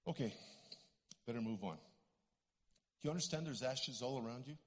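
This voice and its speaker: A man's voice: medium pitch, normal speed. A middle-aged Canadian man preaching a sermon in a church sanctuary, telling stories and acting out the voices in them. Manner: animated storytelling, acts out voices. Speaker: guest preacher. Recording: long church hall reverb.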